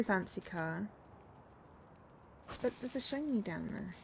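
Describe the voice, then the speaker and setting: A woman's voice: medium pitch, expressive, slow, creaky, long pauses. A young woman giving casual commentary on a game she is streaming. She chats away to herself as she plays, and her voice rises and falls a lot. There is a faint hiss behind her. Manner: chatty, talks to herself while playing.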